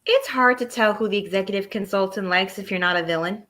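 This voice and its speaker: A woman's voice: mid-range voice, quick pace, fairly bright tone. A woman co-hosting a wrestling review show, chatting casually with brief supportive interjections. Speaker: wrestling review podcast co-host. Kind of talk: casual chat.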